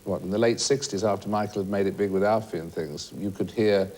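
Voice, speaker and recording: A man, a chat show guest, telling anecdotes in a rambling way with halting restarts and laughs. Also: lowish voice, fairly even intonation, darkish tone, faint music behind.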